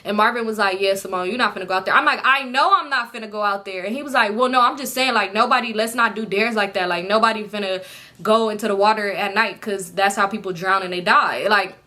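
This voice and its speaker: A young woman casually telling a storytime vlog, profane and animated, acting out what others said. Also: medium pitch, quick pace. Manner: animated, profane, acts out quotes. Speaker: storytime vlogger.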